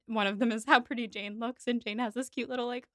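A woman's voice: a little high, quick pace, no echo, clean studio sound. A woman hosting a podcast, chatting casually about a TV adaptation and acting out quoted lines. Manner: animated, acts out quoted lines. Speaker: podcast host.

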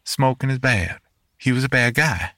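A man's voice: medium pitch, lively intonation, normal speed, bright, forceful tone, no room sound, voice pushed up. A man voicing a small boy who speaks in a grave, suspicious tone.

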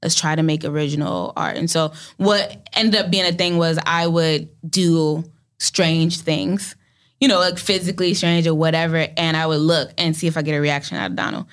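Animated young woman telling stories. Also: deep voice, normal speed, clear, resonant tone. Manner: animated storytelling, acts out quotes. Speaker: actor guest. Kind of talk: casual interview talk.

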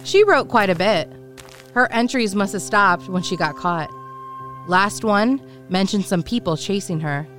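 A woman's voice: medium pitch, lively intonation, unhurried, a bit bright, soft background music. A woman playing a wary, defiant survivor. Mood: cool, defiant. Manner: cool, pointed questioning. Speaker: narrator and lead of an audio drama. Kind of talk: first-person audio drama narration and acting.

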